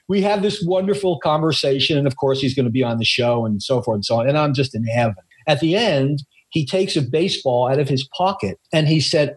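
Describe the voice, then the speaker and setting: A man in his seventies from New York City, telling a story in casual chat and slowing down to stress key moments. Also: a little high. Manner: animated anecdote teller, slows down for emphasis. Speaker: co-host.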